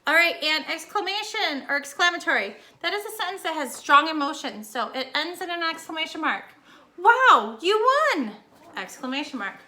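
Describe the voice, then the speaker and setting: A woman's voice: sits high, animated, fairly quick, hardly any pauses, sharp tone. A young woman teacher recording a casual home lesson for her students, explaining each step in a chatty way.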